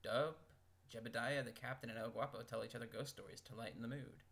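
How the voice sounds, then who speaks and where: A man's voice: medium pitch, steady tone, fast, creaky, a bit bright. A man reading out game events and making wry, joking comments between them, as a video host. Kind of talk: casual commentary.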